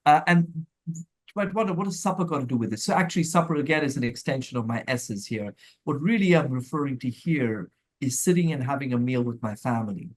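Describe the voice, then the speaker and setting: Middle-aged guest from India, reflective and measured, restarts often mid-thought. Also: male voice, medium pitch, expressive. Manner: thoughtful, measured, with frequent restarts and light laughs. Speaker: guest, mental health professional. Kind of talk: conversational interview answers.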